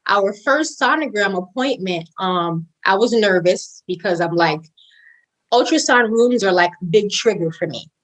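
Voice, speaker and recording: With an expressive, medium-pitched voice and a slightly slow pace, a young woman shares a personal story as a podcast guest in a storytelling interview. She keeps it casual, peppering her speech with "like" and "girl" and voicing quoted lines with big swings in pitch. The audio is poor.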